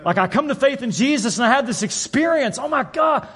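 Man, pastor, high voice, husky, animated sermon storytelling. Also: fast talker. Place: church.

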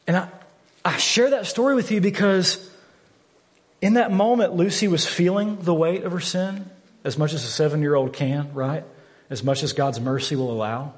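Long reverb from the church hall surrounds this earnest, candid sermon. The preacher is a pastor in his thirties whose voice is on the high side, moving at a moderate pace, and he repeatedly stresses points by repeating words.

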